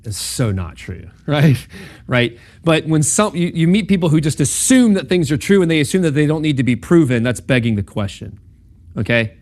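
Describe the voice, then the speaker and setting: A man's voice: fairly high pitch, big pitch swings, normal speed, darkish tone. A man giving an informal lecture at a campus talk, checking in with the room and acting out quoted speakers. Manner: conversational, checks in with "right?" and "okay?"; acts out quoted voices in dialogue.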